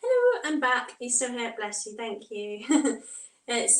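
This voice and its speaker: Chatty mum, roomy distant sound. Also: female voice, a little high, big pitch swings, measured pace. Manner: chatty, chats while doing housework, often breaks off to her toddler. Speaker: live-streaming mum vlogger. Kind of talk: casual live-stream chat. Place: home.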